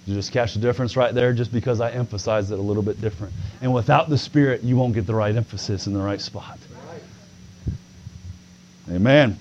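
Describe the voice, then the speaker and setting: A man preaching a sermon to a congregation. He moves from easy conversational talk to loud, drawn-out preaching with calls of "come on now". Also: on the low side, dull audio, a little hiss or hum.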